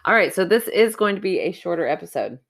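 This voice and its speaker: A woman with a fairly low voice co-hosts a podcast in relaxed casual chat. She teases her partner playfully and laughs easily. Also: gravelly. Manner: playful, teasing, quick to laugh. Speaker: podcast co-host.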